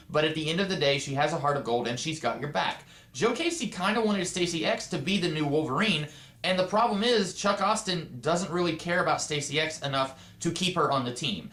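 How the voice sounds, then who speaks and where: A man's voice: fairly high pitch, a bit bright, roomy sound. A man giving a casual, rambling comic book review with many asides and fillers.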